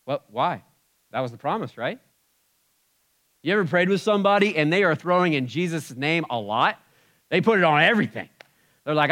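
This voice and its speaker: A man preaching a sermon in a conversational way, swinging between loud emphatic bursts and quiet asides. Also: fairly high pitch, animated, fairly quick, pauses often. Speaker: pastor.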